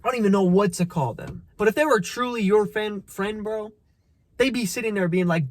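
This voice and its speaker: A man with a high-pitched voice delivers a casual motivational monologue, blunt and full of swearing. He preaches straight at the listener, repeats his points and trips over restarts. The recording is close and dry, with no room sound. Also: fairly quick, no room sound. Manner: repeats phrases, stumbles on restarts. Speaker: motivational vlogger.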